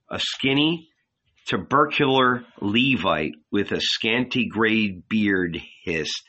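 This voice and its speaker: Slow bright male audiobook narrator. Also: fairly low pitch, expressive, dull audio.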